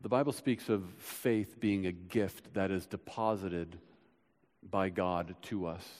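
Pastor in the pulpit: a man delivering an impassioned sermon with loud surges and quiet moments, reverb-heavy church sound. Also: low-pitched, takes it slowly. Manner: impassioned preaching, swinging from loud urgent builds to soft hushed passages. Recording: long hall reverb.

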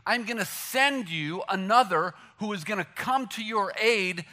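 A man preaching, his voice pitched high and bright. He jokes freely, pushes his punchlines out loudly, then drops to a near hush to land a point. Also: unhurried. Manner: animated, joking, shifts from loud punchlines to hushed emphasis. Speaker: pastor. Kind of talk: sermon.

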